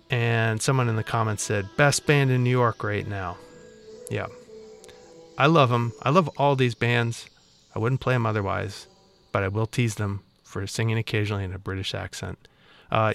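A man's voice: mid-range voice, gravelly, a bit bright. A man hosting a radio music show, casually back-announcing songs with wry, self-mocking asides into a studio microphone.

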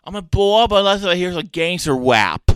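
A man's voice: high-pitched, sing-song, brisk, a bit bright, clear, resonant tone, no room sound. A man hosting a playful homemade radio show, with goofy, repetitive banter.

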